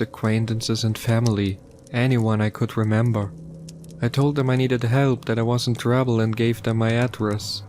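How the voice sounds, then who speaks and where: A man narrating a first-person horror story in a somber, measured way. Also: mid-range voice, darkish tone, a little hiss or hum.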